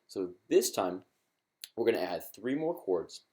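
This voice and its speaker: A man's voice: fairly low pitch, big pitch swings, measured pace, a little mellow. A man teaching ukulele in a live-streamed lesson. He is encouraging and chatty, with many fillers and restarts.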